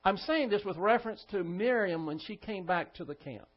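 A man's voice: high-pitched, animated, moderate pace. A male pastor preaching a sermon, telling a story in a firm, instructive manner. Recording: dull lo-fi church recording.

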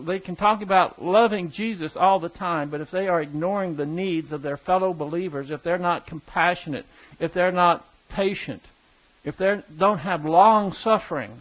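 High-voiced man preaching a sermon. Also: highs cut off. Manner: teaching, emphatic with slow stressed words. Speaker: pastor.

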